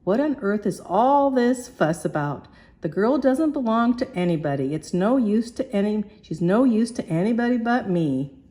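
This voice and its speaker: A woman's voice: mid-range voice, lively intonation, normal speed, dark tone, voice pushed up, natural voice. A woman voicing a pompous, bossy male professor who talks in a brusque, lofty manner.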